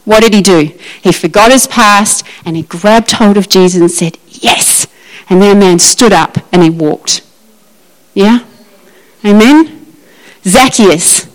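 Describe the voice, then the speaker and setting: A woman preaching a lively, emphatic sermon and acting out Bible scenes. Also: medium pitch, measured pace, rough recording.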